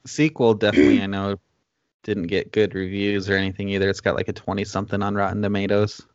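A man's voice: lowish voice, level tone, fast, no room sound, dull audio. Laughing male podcast host, dry sound. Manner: laughs often, jokey. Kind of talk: casual chat.

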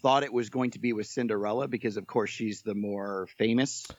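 A man guest on a podcast telling a story in a casual, animated, joking way. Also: fairly low pitch, a little fast, lo-fi sound.

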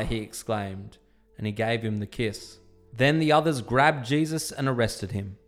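A man giving a dramatized scripture reading, slowing and softening for quoted speech. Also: mid-range voice. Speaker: scripture reader. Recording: soft instrumental music underneath. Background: faint instrumental music.

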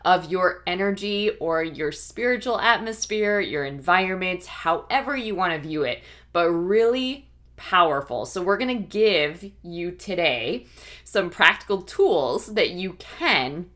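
A woman's voice: lowish voice, expressive, a little slow. A woman giving a faith-based coaching talk, conversational and encouraging, often checking in with her listeners. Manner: conversational, keeps checking in with "right?" and "okay?"; warm, encouraging, laughs now and then. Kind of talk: teaching talk.

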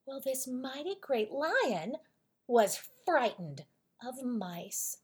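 Breathy, sing-song woman storyteller. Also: sits high, drawn-out words. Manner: expressive, sing-song rhyming delivery. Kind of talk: children's storybook read-aloud.

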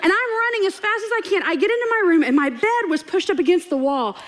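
Very high-pitched and fast-talking, a woman preaches from a church stage to the congregation. She shares a funny story from her own life, laughing and performing the different voices with plenty of animation.

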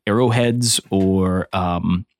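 A man playing a tabletop game who plans aloud, hesitant at first and full of fillers, then animated. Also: deep voice, takes it slowly, no echo. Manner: hesitant, full of ums, animated when planning. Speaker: player.

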